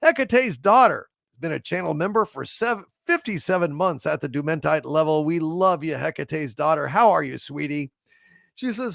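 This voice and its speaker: A man's voice: on the high side, expressive, gravelly, no room sound, clean studio sound. A man hosting a casual livestream, reading out viewer messages and chatting in a rambling way with lots of fillers and restarts. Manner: slow, soft poetry reading. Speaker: livestream host. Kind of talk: casual livestream chat reading super chats.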